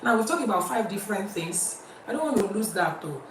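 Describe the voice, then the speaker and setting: A woman's voice: medium pitch, expressive, quick pace, background noise. Nigerian lady hosting a livestream, chatty, roomy sound, mic kinda far off. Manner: chatty, switches between English and Yoruba. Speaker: host of a live-streamed talk show. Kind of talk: live-stream chat reading viewer comments. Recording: roomy, distant mic with faint ambience.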